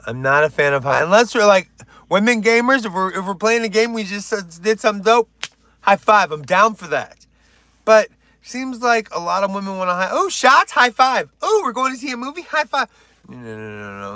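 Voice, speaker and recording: A man's voice: mid-range voice, pushed and bright, dry recording. A man doing casual stand-up on a live stream, rambling, swearing and joking with his viewers.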